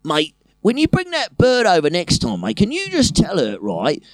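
A man's voice: high-pitched, wildly swooping pitch, moderate pace, no echo, voice pushed up. A man voicing an older crude Cockney man in his late fifties. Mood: pleading.

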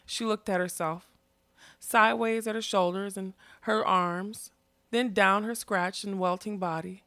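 A woman narrating a fantasy story in a steady, expressive reading. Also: mid-range voice, unhurried, dry recording. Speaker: audiobook narrator.

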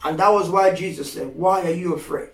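Slow, echoey preacher with a high voice. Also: male voice. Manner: rising to impassioned shouted pleas; slow, emphatic, repeats phrases. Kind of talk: sermon. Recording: echoey room from far off.

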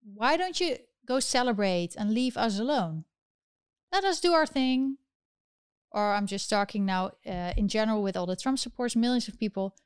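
Female livestream host, impassioned, rhetorical, higher-pitched, dry close sound. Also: a little mellow, clear, resonant tone, no echo. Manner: impassioned, fires rhetorical questions. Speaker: political commentary host. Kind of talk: livestream commentary reading chat.

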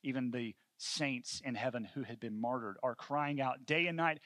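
A man in his thirties preaching a sermon, earnest, moving between hushed storytelling and fervent calls. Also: medium pitch, moderate pace, few pauses, no echo. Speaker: pastor.

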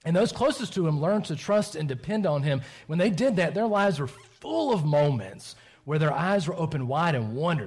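Playful pastor with a fairly high voice. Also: male voice, lively intonation, moderate pace, few pauses, darkish tone, slightly rough. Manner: playful, chatty, laughs easily. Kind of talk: sermon with children's interview.

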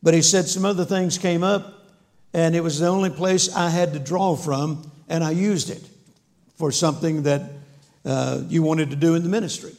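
A male preacher delivers a storytelling sermon with a gravelly edge to his voice. He keeps the humor folksy and acts out the dialogue as he goes, and his voice sits a little high for a man. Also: fairly even intonation, normal speed, darkish tone. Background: audience laughter.

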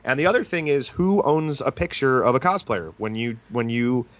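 A man's voice: mid-range voice, lively intonation, normal speed, muffled recording. A man hosting a podcast, an attorney, talking in a casual, joking and talkative way.

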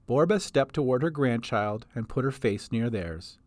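A man narrating his homemade audio story, lively and scripted. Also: mid-range voice, normal speed, few pauses, no room sound. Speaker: podcast storyteller. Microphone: home recording setup.

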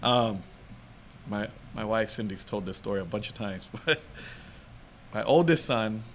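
A man's voice: lowish voice, lively intonation, measured pace, a little hiss or hum. Man telling stories with frequent laughs. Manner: rambling storyteller, laughs often. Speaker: podcast co-host. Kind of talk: casual podcast chat.

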